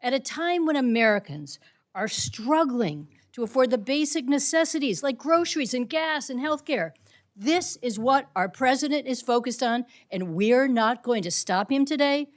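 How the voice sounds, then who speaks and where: A woman's voice: high voice, lively intonation, moderate pace. A woman committee member delivering an earnest closing statement with pointed appeals to colleagues. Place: committee hearing room.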